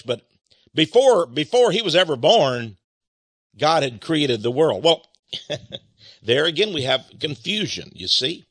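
Male preacher, Texan accent, bright forceful voice, folksy sermon, dry close sound. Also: fairly high pitch, breathy edge, no echo. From Texas. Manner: folksy, varies pace, slows for emphasis.

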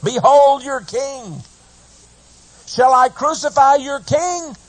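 A man acting out a Roman governor in a sermon retelling, with a husky, imperious voice. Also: extremely high pitch, slow, no echo, pitched above the performer's own voice. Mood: demanding.

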